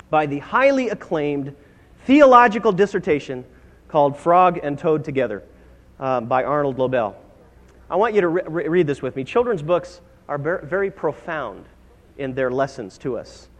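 A male pastor delivers an earnest sermon that builds to emphatic exhortation. His voice sits high for a man. It rings through a large church hall with a long, trailing reverb. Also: sing-song, moderate pace.

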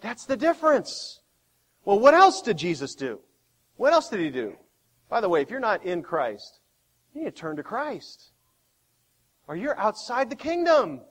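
A man preaching a sermon as pastor, with dramatic swings between quiet and loud. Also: high voice, wildly swooping pitch, a little slow, pauses often. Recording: long hall reverb.

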